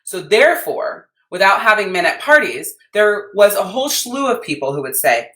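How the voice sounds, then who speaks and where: A woman's voice: mid-range voice, big pitch swings, normal speed, hardly any pauses, a bit bright, reverberant. A woman business coach with an American accent telling a story in a blunt, emphatic podcast rant, swearing freely.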